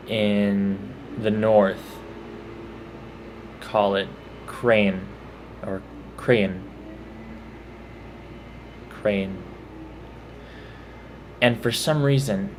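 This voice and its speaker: This Texan man, a vlogger, speaks in a fairly low voice with his home-state accent, working through a word list and chatting about his pronunciation of each entry. A faint hiss or hum sits under the audio.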